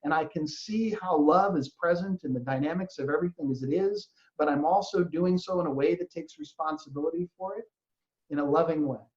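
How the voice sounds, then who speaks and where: A man giving a reflective spiritual talk as a teacher, gentle and earnest, sometimes acting out inner voices. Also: a little high, expressive, brisk. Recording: roomy, dull lo-fi recording.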